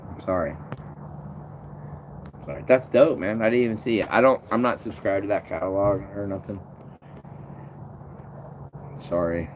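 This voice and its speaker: Male streamer, casual and profane, stumbles through restarts; low-pitched, faint vehicle hum in background. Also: fairly even intonation, moderate pace, long pauses, a little mellow. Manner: rambling, swears a lot, restarts sentences. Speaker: tree climber streaming to viewers. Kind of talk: casual live-stream chat reading comments.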